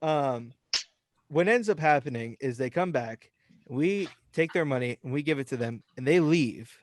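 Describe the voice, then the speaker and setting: A man's voice: mid-range voice, normal speed. A young man, a podcast co-host, telling a story in casual chat and acting out the voices of the people in it. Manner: animated, acts out voices in anecdotes.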